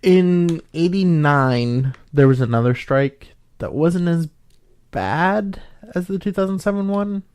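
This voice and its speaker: A man co-hosting a casual podcast chat, explaining background at length and filling pauses with ums. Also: on the high side, darkish tone, clean tone. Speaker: podcast co-host.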